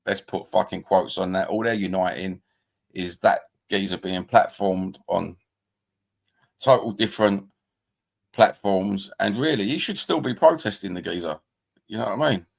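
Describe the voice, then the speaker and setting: A middle-aged man with a London accent hosts his live stream in a rambling, heated rant, swearing freely. His voice sits low and has a gravelly rasp to it. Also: normal speed. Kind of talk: ranting live-stream chat.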